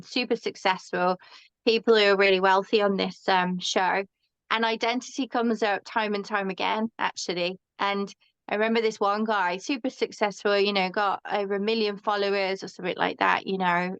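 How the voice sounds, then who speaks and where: Frank, animated woman host, dull dry sound. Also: mid-range voice, moderate pace, clear, resonant tone, no room sound. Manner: animated and frank, acts out quoted voices. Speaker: podcast host. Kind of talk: casual conversational chat.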